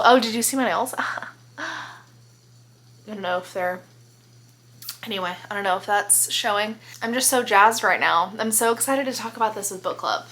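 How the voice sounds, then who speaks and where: A woman's voice: mid-range voice, bright, forceful tone. A young woman book vlogger talking casually to camera, chatty and gushing, with many restarts. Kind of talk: casual vlog chat.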